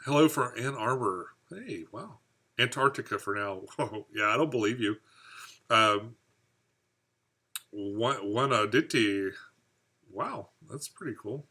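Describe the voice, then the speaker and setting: A fishkeeping channel host runs a live stream, reading viewer comments aloud and rambling along in an easygoing, chatty way while laughing at his own jokes. His medium-pitched voice sounds pushed and bright, with lively intonation, a slow pace and frequent pauses.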